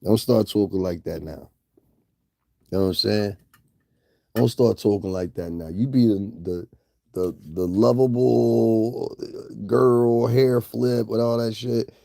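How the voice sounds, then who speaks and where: A man lectures a rival in loose, laid-back talk. His voice is low and gravelly with a warm, mellow tone, recorded dry and close. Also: steady tone, takes it slowly, no echo. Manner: laid-back, talks straight to a rival, laughs often. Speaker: YouTube commentator. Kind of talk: casual direct-address commentary.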